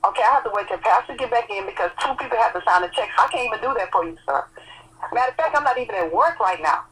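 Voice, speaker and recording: A woman on a phone call, scolding and preachy, her voice rising toward shouts. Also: fairly high pitch, lively intonation, very fast. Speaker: church member taking a prank call. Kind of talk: phone conversation. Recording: phone line.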